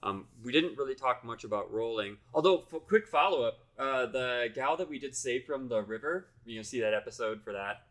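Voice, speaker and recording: A man co-hosting a podcast in casual, chatty talk, playful and quick to jump between topics. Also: mid-range voice, expressive, fairly bright tone. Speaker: podcast co-host.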